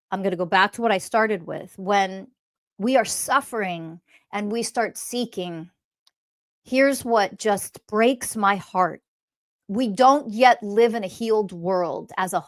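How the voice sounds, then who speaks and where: A woman speaking as a spiritual teacher in a blunt, scolding monologue, swearing often. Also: mid-range voice. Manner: mocks others in quoted voices.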